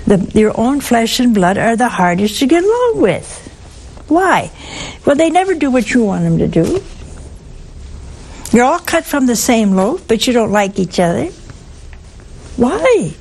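A woman giving a sermon in a slow, deliberate way, with asides and some softly whispered stresses. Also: fairly high pitch, very animated, slight background noise, low-quality recording. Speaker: preacher.

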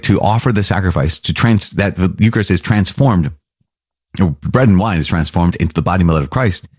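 A man's voice: deep voice, breathy edge, dry recording, clean studio sound. A man teaching as a priest, talking through the catechism in an enthusiastic, conversational way with frequent restarts. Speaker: Catholic priest.

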